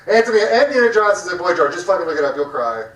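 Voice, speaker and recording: A man's voice: high voice, sing-song, quick pace, fairly bright tone. A man hosting a stand-up comedy night, crude and rambling, joking with the crowd in the back room of a restaurant. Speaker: comedy show host. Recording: echoey room, mic heard from far off.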